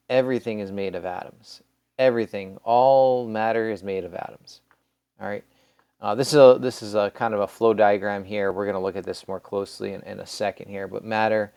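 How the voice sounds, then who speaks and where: A man's voice: on the low side, gravelly, a little mellow, smooth, no echo, studio quality. A man teaching a recorded science lesson in a casual, rambling way, with many restarts and fillers. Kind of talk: recorded classroom lecture.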